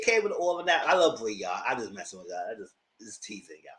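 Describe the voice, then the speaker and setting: Animated man giving sassy TV commentary. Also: fast, hardly any pauses, slight background noise, low-quality recording. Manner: animated, sassy, jumps into high exaggerated voices when quoting. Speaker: YouTube TV commentator. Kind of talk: live review commentary.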